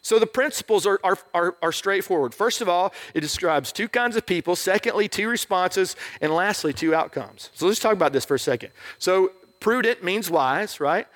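Middle-aged male pastor, high-pitched, casual joking sermon delivery. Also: expressive, moderate pace, hardly any pauses, a bit bright. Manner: conversational, joking, asks "right?" often.

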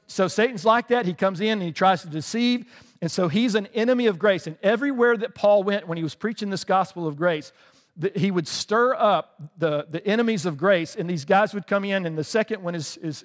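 A man's voice: high voice, big-room sound. A male pastor preaching a sermon in a conversational way, often checking in with the listeners and laughing lightly.

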